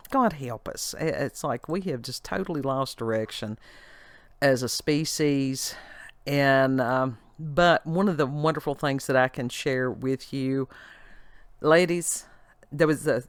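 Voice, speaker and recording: A woman's voice: a bass voice, no room sound. A middle-aged woman with an Appalachian mountain accent, hosting a casual vlog and talking earnestly and folksily straight to her viewers. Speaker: host.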